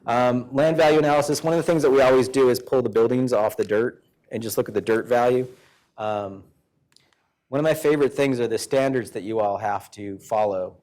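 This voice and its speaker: A man's voice: medium pitch, brisk, a little mellow. A man giving a public presentation to a local government board in a folksy, conversational way. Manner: folksy storyteller acting out quoted exchanges.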